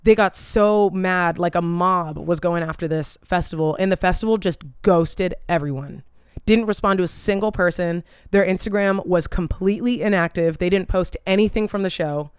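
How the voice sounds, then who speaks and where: Chatty woman with a smooth, dry voice. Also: on the low side, moderate pace, no echo. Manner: animated, chatty, swears freely, fills with "like". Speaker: vlog host. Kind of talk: casual storytelling chat.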